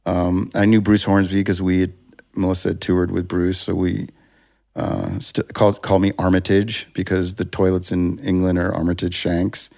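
A man's voice: low-pitched, level tone, normal speed, gravelly, dark tone. A man, a music producer, telling a long story in a casual interview, rambling and restarting, acting out what people said. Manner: rambling, self-interrupting, acts out quotes.

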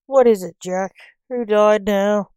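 A woman's voice: fairly high pitch, animated, a little slow, warm tone, no room sound, studio quality, pitched above the performer's own voice. A woman voicing a snappy, grumbling old coroner. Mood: irritated. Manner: snappy, moaning complaints. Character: impatient grumpy older male coroner.

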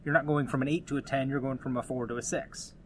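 A man's voice: medium pitch, fairly even intonation, fast, slight background noise. A man hosting his own podcast, talking casually in a conversational, rambling way with frequent restarts and asides. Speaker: podcast host. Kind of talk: casual solo podcast talk.

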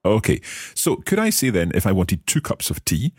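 A man with a very deep voice that moves widely in pitch, talking at an unhurried pace as he quizzes his teacher. His tone is a little husky, and the close, dry sound keeps him right at the ear. He asks question after question and carefully repeats each new phrase. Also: wildly swooping pitch, a little mellow, dry recording. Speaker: language learner co-host. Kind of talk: conversational language lesson.

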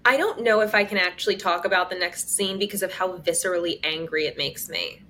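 A woman co-hosting a podcast in casual recap chat, expressive and quick to laugh. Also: lowish voice, a little hiss or hum. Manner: slow, expressive, bursts into loud laughter. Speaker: podcast co-host.

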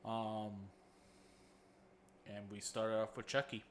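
A man's voice: lowish voice, completely flat delivery, slow, slight background noise. A man co-hosting a casual podcast with his sibling, mumbling his stories and trash-talking with heavy swearing. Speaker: podcast co-host. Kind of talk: casual chat.

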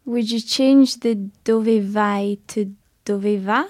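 A woman's voice: mid-range voice, fairly even intonation, slow, darkish tone. A woman learning a language on a podcast, answering tentatively and thinking aloud before she answers.

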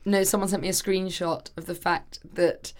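A woman from England co-hosting a podcast in casual chat, animated and quick to giggle. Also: on the low side. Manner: giggly, animated, slips into mimicry. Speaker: podcast co-host.

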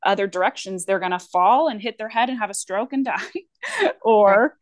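A woman's voice: mid-range voice, lively intonation, moderate pace, dry recording. A woman speech-language pathologist in casual podcast chat, rambling with frequent fillers and restarts.

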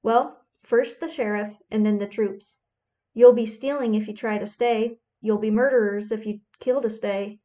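A woman's voice: fairly high pitch, steady tone, normal speed, mellow, lightly acted. A woman reading the lines of stern landowning men, firm and matter-of-fact in her own voice. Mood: insistent.

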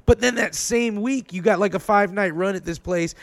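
A man, a stand-up comedian guest, telling excitable, profane stories in casual podcast chat. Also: sits high, gravelly, dry recording. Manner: fast, profane, excitable storytelling.

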